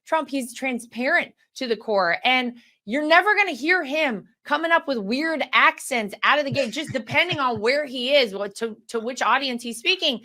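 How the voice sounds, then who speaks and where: A woman's voice: high voice, expressive, moderate pace, few pauses, sharp tone. A woman speaking as a guest in a political interview, emphatic and assured in her points.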